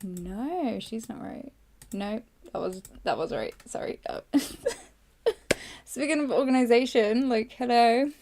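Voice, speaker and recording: A woman, hoarse, hosting a casual live journaling session on a podcast in a rambling, chatty way with lots of fillers. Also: a little high, animated, measured pace, darkish tone, slight background noise. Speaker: podcast host.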